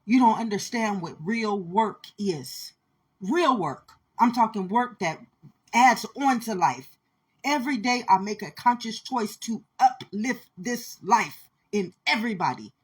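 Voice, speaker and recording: A woman delivers a fervent spiritual message, pressing each point again and again as she speaks straight to her listeners. Her voice is husky and a little breathy, pitched in an ordinary middle range. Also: animated, a little slow. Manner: intense, repetitive, preachy, addresses listeners directly. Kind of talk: impassioned spiritual monologue.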